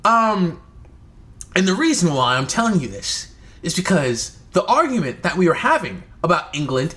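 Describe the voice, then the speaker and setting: Man from the states, casual vlog, rambling, swearing, lively pitch. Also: moderate pace. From United States. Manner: rambling, profane, frequent restarts. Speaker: video creator.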